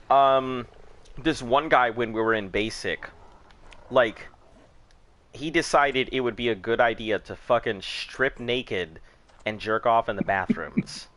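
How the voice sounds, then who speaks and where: While playing a game, a man in his thirties who streams gaming tells stories laced with profanity and laughter in a relaxed chat. He has a medium-pitched, slightly bright voice.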